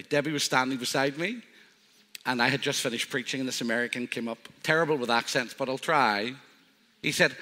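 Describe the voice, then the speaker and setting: An older man preaching as pastor, telling humorous personal stories. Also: medium pitch. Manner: warm storytelling with self-deprecating humor. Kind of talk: sermon. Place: church hall. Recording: live church hall reverb.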